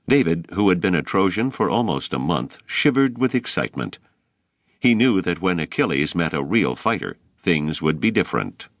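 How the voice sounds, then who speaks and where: A man narrating a novel as an audiobook reader, telling the story in an expressive, unhurried way. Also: deep voice, no room sound. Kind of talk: scripted narration.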